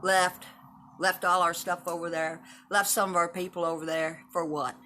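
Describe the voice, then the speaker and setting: In an unhurried, low voice that sounds pushed and bright, a woman in her 70s from Texas chats with her livestream viewers at home and in her yard. She speaks bluntly and directly, full of opinions and swearing.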